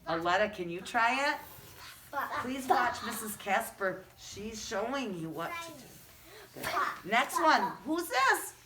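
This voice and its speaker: A woman's voice: on the high side, sing-song, takes it slowly. A woman teaching a phonics lesson to preschool children in a classroom, talking through a face mask and coaxing the class with questions in a sing-song way. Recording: loud noisy classroom recording.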